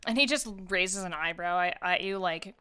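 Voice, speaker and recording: Bright chatty woman running a game. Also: fairly low pitch, normal speed, clean tone. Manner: chatty, laughing, hesitant with fillers. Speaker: dungeon master. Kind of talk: narrating a tabletop game.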